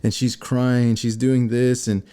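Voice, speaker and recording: A man co-hosting a casual show, telling a personal story to viewers in an animated way and acting out scenes. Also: medium pitch, a little slow, clean tone. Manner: animated, acts out scenes and quotes. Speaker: co-host.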